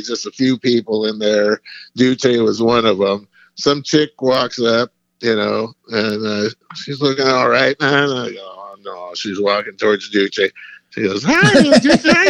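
A man's voice: mid-range voice, creaky, fairly bright tone, dry recording, lo-fi sound. A middle-aged man hosting a casual chat, telling stories in a laid-back, profane way. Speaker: host.

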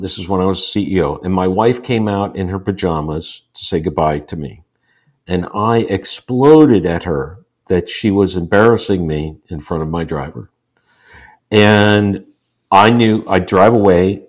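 A man's voice: on the low side, a little mellow. A man in his sixties, a podcast guest, telling personal stories in an earnest, explanatory way and repeating points for emphasis. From United States. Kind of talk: conversational storytelling.

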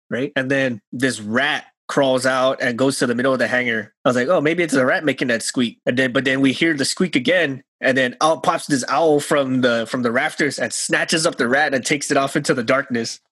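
A man's voice: mid-range voice, fairly even intonation, moderate pace, few pauses, a bit bright. A man chatting casually and telling stories in an easygoing way. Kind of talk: casual chat.

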